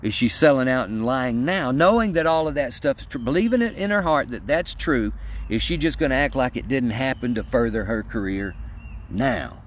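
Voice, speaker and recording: A man's voice: medium pitch, animated, normal speed. A man giving a casual opinion rant in a folksy, emphatic, rambling way, often restarting his sentences. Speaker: political commentator.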